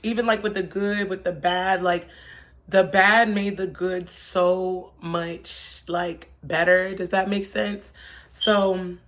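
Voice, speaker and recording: A young woman from Pennsylvania vlogs in casual chat, chatty, rambling and slangy, until things turn emotional. Her voice is fairly low and a bit bright, steady in tone and slow in pace. Faint background noise can be heard.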